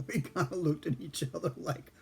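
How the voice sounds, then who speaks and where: An older man, a former airman, telling a story from his own past in a casual, folksy way, chuckling and clearing his throat now and then. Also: fairly high pitch, normal speed, slight background noise. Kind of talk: casual spoken memoir storytelling.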